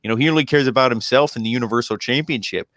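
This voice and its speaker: Smooth-voiced man reviewing wrestling casually. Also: medium pitch, very fast, fairly bright tone, no echo, studio quality. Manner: opinionated, conversational, lots of "you know". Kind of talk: casual podcast chat.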